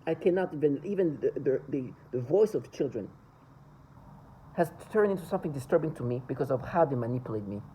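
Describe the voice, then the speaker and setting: A woman with a low, warm, mellow voice speaks to camera in a personal vlog. She is earnest and insistent, stumbling often as she repeats words and restarts her sentences. A faint hum of noise sits under her voice. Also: expressive, a little fast, low-quality recording. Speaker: vlogger.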